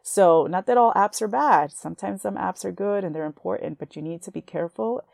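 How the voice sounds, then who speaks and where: A young woman hosting a Christian podcast, talking earnestly and warmly to her listeners as sisters, at times emotional. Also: medium pitch, brisk, gravelly, no echo, clean studio sound. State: emotional, near tears. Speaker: podcast host. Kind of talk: faith podcast encouragement.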